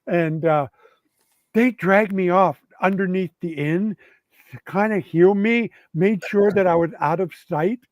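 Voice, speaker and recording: An animated, rambling man telling tabletop gaming stories, his voice sitting fairly high. The sound is dry and close, with a dull, lo-fi edge to it. He restarts his sentences often as he warms to a story. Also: unhurried, no room sound. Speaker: guest game designer. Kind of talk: storytelling in a casual interview.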